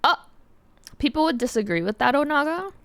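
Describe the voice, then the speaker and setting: A woman's voice: high voice, lively intonation, brisk, a bit bright, no echo. A young woman streaming while she draws, chatting casually and giggling as she answers her chat.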